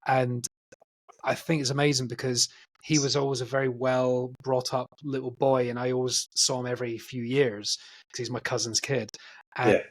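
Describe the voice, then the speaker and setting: A Scottish-born man hosting a podcast, with a light, softened Scottish accent, talking in a rambling, chatty way full of restarts. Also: medium pitch, little pitch movement, moderate pace. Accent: light Scottish, softened by living in England. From Scotland. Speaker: podcast host. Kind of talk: casual interview chat.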